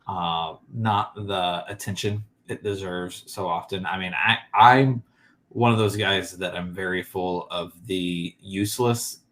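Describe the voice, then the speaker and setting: A man co-hosting a parenting podcast talks in a relaxed, halting way, chuckling often between thoughts. His voice sits on the low side. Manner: easygoing, laughs often, halting with fillers. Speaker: podcast co-host. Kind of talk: casual parenting chat.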